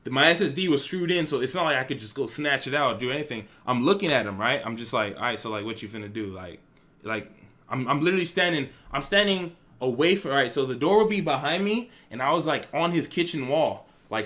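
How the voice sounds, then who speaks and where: A young man recounts a story for his vlog, animated and loose with slang and swearing. His voice is bright and forceful, sitting at an average pitch. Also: brisk. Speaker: vlogger. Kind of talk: casual storytime.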